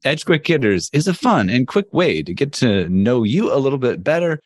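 A male podcast co-host asking quick questions and joking with the guest. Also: medium pitch, sing-song, soft background music. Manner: joking, laughs often. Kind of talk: casual interview.

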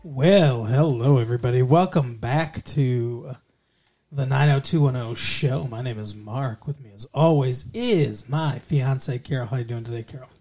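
A man's voice: medium pitch, a little slow, dark tone, faint music behind. Playful man co-hosting a podcast. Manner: playful, teasing, chuckles often. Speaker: podcast co-host. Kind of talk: casual chat.

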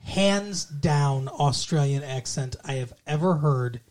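A man's voice: fairly high pitch, takes it slowly, a little mellow. A man co-hosting a podcast, recapping a TV episode in sarcastic, profane, jokey chat. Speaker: podcast co-host.

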